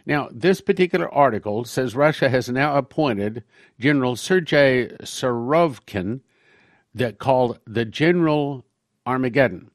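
A man's voice: medium pitch, dry recording, clean studio sound. A man, a pastor, giving a conversational sermon-style talk on prophecy, reading quotations aloud between his own remarks.

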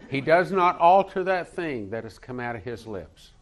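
An earnest male pastor with a mid-range voice preaches and prays in church at a moderate pace. He's animated and leads the congregation to repeat lines after him.

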